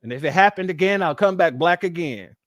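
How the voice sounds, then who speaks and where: This high-voiced Los Angeles livestream host chats casually with his audience at a fairly quick pace, animated and often slipping into an even higher, playful voice to quote others. The recording is dry and close-miked, with no room sound.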